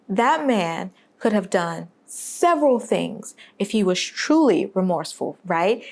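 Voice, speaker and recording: A woman argues her point in a video essay, emphatic and sarcastic, fond of rhetorical questions. Her fairly high voice leaps and dips with lively expression. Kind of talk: animated video essay commentary.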